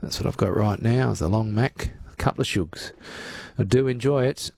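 A man's voice: on the low side, normal speed, creaky, a little mellow, no room sound. An Australian man hosting talkback radio, chatting with callers and reading out listener messages. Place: radio studio.

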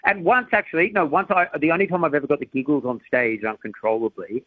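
A man's voice: a little high, fast, breathy edge, dry recording, narrow, tinny audio. A man, a comedian guest telling a funny story on radio, laughing often. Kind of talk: casual radio chat.

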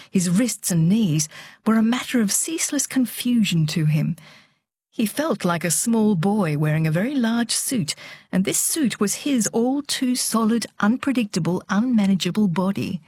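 A woman narrating an audiobook in a steady, measured storytelling voice. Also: mid-range voice, husky, no room sound.

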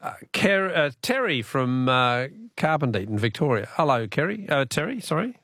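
Chatty Australian male radio quiz host, jokey, voice bouncing up and down, slightly higher pitched. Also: very animated, normal speed, a bit bright, dry recording, studio quality. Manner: jokey, laughs often, chatty.

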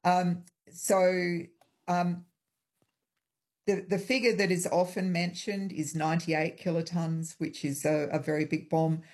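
A woman guest in a hotel room, speaking over an internet call, explaining in a measured way with frequent ums. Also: lowish voice, little pitch movement, a little mellow. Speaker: historian guest.

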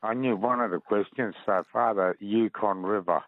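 A man's voice: fairly low pitch, moderate pace, no room sound. An easygoing Australian man calling a radio quiz, unsure of his answer. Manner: easygoing, self-doubting. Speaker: caller. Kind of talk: phone-in conversation. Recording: tinny phone line.

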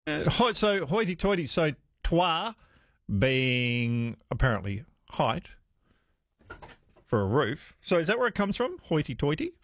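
A man's voice: fairly high pitch, very animated, a little slow, no room sound, studio quality. A man hosting talkback radio, chatting casually and musing aloud with listeners. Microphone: studio microphone.

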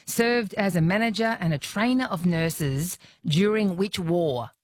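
A woman hosts a casual radio chat in a lowish voice. She is chatty and laughs easily. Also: a little slow, darkish tone, dry recording. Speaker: radio host.

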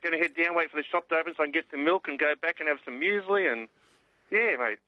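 Fast-talking Aussie man on a muffled payphone line. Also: fairly high pitch, no room sound. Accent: Australian. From Australia. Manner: easygoing, says mate constantly. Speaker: caller. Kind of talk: casual phone-in chat. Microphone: public payphone.

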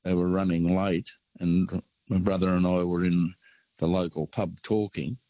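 An older Australian man calling in to a radio show, telling rambling, relaxed travel stories. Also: deep voice, normal speed, no room sound, lo-fi sound. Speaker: caller. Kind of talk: phone-in storytelling.

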